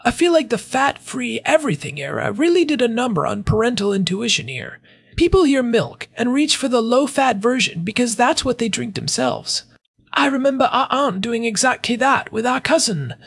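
Co-host with wry humor, husky and animated. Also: medium pitch, no echo. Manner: wry, joking asides. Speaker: podcast co-host. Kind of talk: casual podcast chat.

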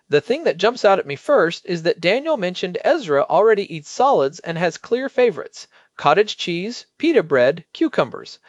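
A man co-hosting a podcast as a pediatric expert, explaining in a measured way and stressing key points. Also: high-pitched, no echo, lo-fi sound.

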